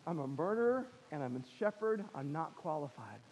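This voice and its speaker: A doubting, anxious man, as a preacher puts him on, pleading in a high, strained voice. He frets and argues in short bursts within a sermon. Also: lively intonation, normal speed, a little mellow, muffled recording, slight background noise.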